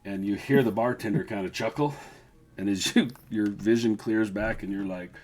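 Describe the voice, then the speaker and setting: Male game master, low-pitched and giggly, running a tabletop scene. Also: moderate pace. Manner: laughs often, lively narration.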